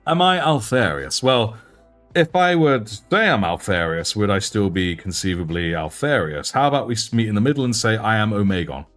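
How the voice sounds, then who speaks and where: A young British man with a deep voice, chatting in a relaxed, self-mocking way while he hosts a livestream. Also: normal speed, faint music behind. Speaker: livestream host and miniature painter. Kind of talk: casual livestream chat.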